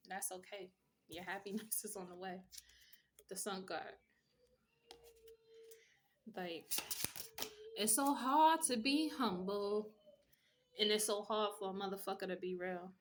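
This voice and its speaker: Woman, casual tarot reader, blunt and profane streetwise pep talk, mid-pitched voice, faint background noise. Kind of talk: casual tarot reading monologue.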